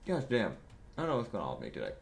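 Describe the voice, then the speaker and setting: A man's voice: fairly low pitch, wildly swooping pitch, rapid-fire, gravelly. A man playing in a tabletop game, chatting casually and swearing freely. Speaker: player.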